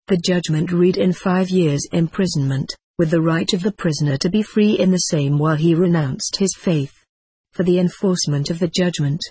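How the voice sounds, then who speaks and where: Narrator reading a story, kinda husky, steady and even, mid pitch, dry close sound. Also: no room sound. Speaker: audiobook narrator. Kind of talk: scripted narration.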